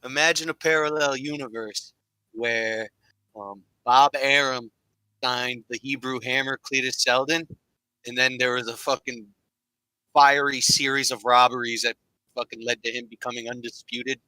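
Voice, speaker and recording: A man's voice: mid-range voice, steady tone, moderate pace, pushed and bright, no room sound, low-quality recording. A man co-hosting a podcast, talking in a loose, rambling, profane way. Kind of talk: casual podcast chat.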